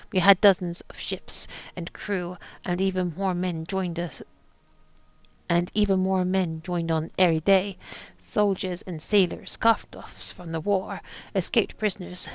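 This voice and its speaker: Woman doing a gravelly old pirate captain, boastful and bitter, rough put-on pirate accent, low, dull lo-fi sound. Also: dry recording. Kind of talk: reading a journal aloud in character.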